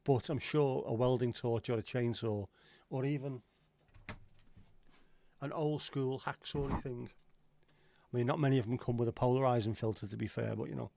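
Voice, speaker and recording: A man's voice: mid-range voice, steady tone, normal speed, vocal fry, mellow. A middle-aged man hosting a casual livestream, rambling, swearing now and then and answering chat comments. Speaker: livestream host.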